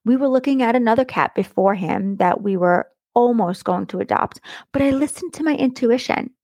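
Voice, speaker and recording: A woman's voice: a little high, moderate pace, no room sound. Woman, middle-aged, podcast host, chatty, blunt, dry close mic. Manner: chatty, laughs often, blunt and animated. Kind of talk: casual storytelling monologue.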